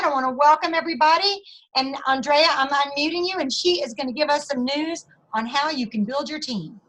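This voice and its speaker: A woman leading a motivational team video call in an upbeat, energetic way. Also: high-pitched, rough recording. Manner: upbeat and energetic, tells stories with voices.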